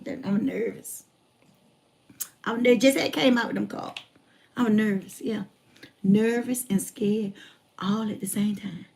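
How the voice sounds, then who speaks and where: A woman in her forties telling a personal story in a lively, colloquial way, repeating phrases for emphasis. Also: mid-range voice, measured pace, vocal fry, pauses often. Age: 40s. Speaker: motivational speaker.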